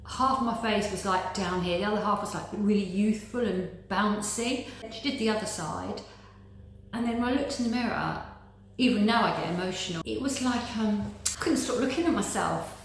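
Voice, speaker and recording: A woman's voice: mid-range voice, moderate pace. Woman, echoey chatty testimonial. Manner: earnest, chatty, full of repeats like "very, very". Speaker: patient giving a testimonial. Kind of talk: casual interview testimonial. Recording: very echoey room with faint noise.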